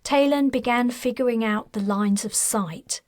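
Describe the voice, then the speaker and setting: A woman, the author, narrating her own science fiction novel in a steady, measured storytelling voice. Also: fairly high pitch, no room sound, clean studio sound. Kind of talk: scripted audiobook narration.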